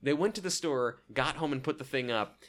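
A man's voice: mid-range voice, animated, a little fast, fairly bright tone. A young man co-hosting a podcast, casually recapping a sitcom episode, joking and acting out lines from it. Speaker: podcast co-host.

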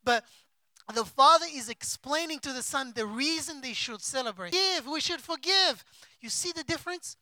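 A man preaching a sermon as a pastor, with impassioned delivery and big swings between soft and loud. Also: extremely high pitch, animated, moderate pace, no echo. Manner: acts out quoted figures in his own voice. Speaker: pastor and missionary.

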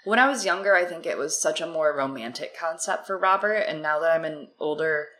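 A woman's voice: low voice, fairly quick, fairly bright tone, roomy sound, rough recording. A young adult woman co-hosting a casual book discussion, reading passages aloud with playful asides. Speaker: podcast co-host.

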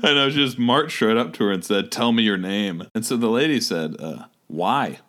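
A man co-hosting a comedy podcast speaks on the low side with an animated delivery, a moderate pace, and a fairly bright tone. Reading a review aloud, he breaks into frequent laughter and acts out the quotations.

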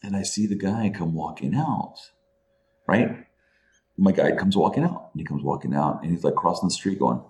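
A man's voice: deep voice, normal speed. A man guest on a podcast, telling a story casually with lots of swearing and laughter. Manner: animated, profane, laughing as he tells a story. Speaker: guest, entrepreneur.

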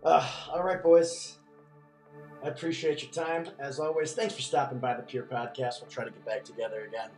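A man hosting a casual sports podcast, telling stories in an animated, loose way. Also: mid-range voice, moderate pace, roomy sound, faint music behind, poor audio. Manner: animated storytelling, swears freely. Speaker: podcast host.

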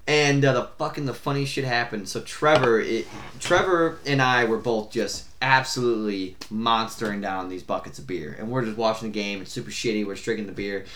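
A man's voice: on the low side, brisk, a bit bright, reverberant, a little hiss or hum. A young man co-hosting a podcast, telling a long story in casual chat, rambling with fillers and the odd curse. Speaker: podcast co-host.

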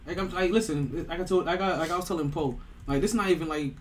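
A man's voice: a little high, quick pace, a little hiss or hum. Hyped, profane podcast host guy. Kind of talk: casual podcast chat.

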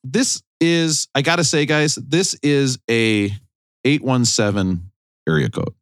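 A man's voice: medium pitch, takes it slowly, dry recording, clean studio sound. A man hosting a podcast in casual banter, sarcastic and mock-outraged, joking with his co-hosts. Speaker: podcast host.

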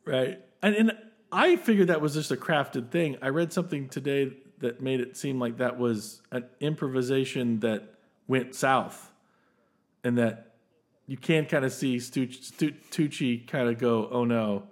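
Podcast host, male; eager, rambling, laughs easily, ordinary middle pitch. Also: unhurried. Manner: animated, enthusiastic, laughs often, many restarts. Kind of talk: casual film discussion.

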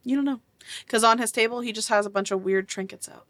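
A woman's voice: fairly high pitch, fast, a bit bright, no echo. A woman running a tabletop game as game master, narrating and asking questions in a loose, rambling way. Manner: loose, rambling with fillers and restarts.

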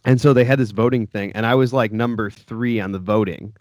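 A man's voice: lowish voice, a little fast, a little mellow, no echo. Laid-back man, dry close sound. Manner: laid-back, hesitant, with filler words. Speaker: professional wrestler. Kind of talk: casual podcast chat.

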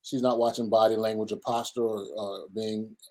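A man's voice: on the low side, level tone, moderate pace, darkish tone, poor audio. Earnest preacherly man in an interview. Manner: earnest, preacherly, acts out quoted voices. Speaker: guest, pastor and men's ministry leader. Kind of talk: conversational interview.

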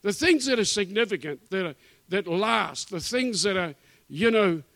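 A man's voice: sits high, animated, moderate pace, gravelly, fairly bright tone, dry recording. A man preaching as a guest speaker in a church, emphatic and repetitive, with casual asides. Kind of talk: sermon.

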